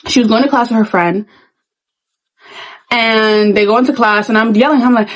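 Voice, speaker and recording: A woman's voice: fairly high pitch, moderate pace, pauses often, rough recording. Chatty young woman telling stories. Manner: animated, acts out her past self with sudden loud bursts; frequent filler "like". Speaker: vlogger. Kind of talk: casual storytelling.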